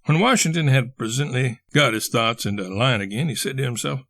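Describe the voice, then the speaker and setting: Gravelly male audiobook narrator. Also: medium pitch, brisk, hardly any pauses, fairly bright tone, no room sound, clean studio sound. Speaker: audiobook reader. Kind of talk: scripted narration.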